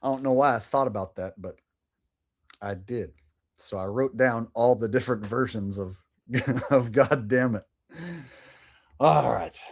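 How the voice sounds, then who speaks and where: A man's voice: mid-range voice, normal speed, creaky. A man hosting a live stream, chatting sarcastically with viewers and rambling between topics. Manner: sarcastic, rambling, talks to chat. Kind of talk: casual live-stream commentary.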